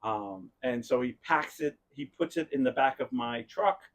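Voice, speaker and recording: A man's voice: mid-range voice, moderate pace. A man hosting a podcast, telling a long rambling story in casual chat and often breaking into laughter. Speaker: podcast host.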